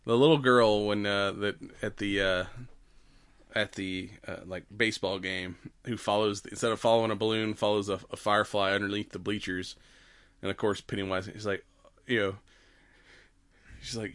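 Dude chatting about a horror flick, rambly, laughs a lot, does little voices for the scenes. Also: male voice, on the low side, moderate pace, a bit bright. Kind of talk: casual movie review chat.

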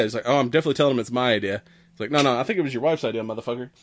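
A podcast host with a mid-range voice talks rapid-fire while casually recapping a movie plot. He rambles and swears, acting out the characters' lines with laughs along the way.

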